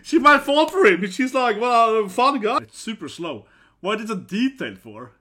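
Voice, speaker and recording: Man, high voice, very bright and sharp tone, laughing, exclaiming, excited reaction commentary. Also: moderate pace. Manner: laughs often, exclaims, tags lines with "right?" and "man". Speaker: reaction video host.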